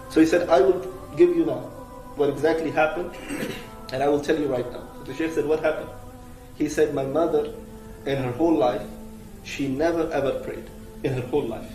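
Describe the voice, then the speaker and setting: A man's voice: a little high, steady tone, brisk, warm tone. A man preaching as he retells a religious story in a conversational way, with many fillers, restarts and Arabic religious terms. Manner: conversational, full of "you know" fillers and restarts. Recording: roomy, from a distance, faint music behind.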